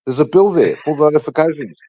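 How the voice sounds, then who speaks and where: A man's voice: fairly high pitch, lively intonation, fast talker, mellow, no echo. A man with an Australian accent, blunt and repetitive, swearing in casual footy chat. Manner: blunt, repeats himself, swears. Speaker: panelist on a fan stream.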